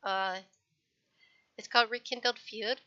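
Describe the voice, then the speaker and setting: A woman's voice: fairly high pitch, steady tone, measured pace, sharp tone. A woman talking casually on a livestream, rambling and correcting herself as she reads her old writing aloud. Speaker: streamer. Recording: dull lo-fi stream audio.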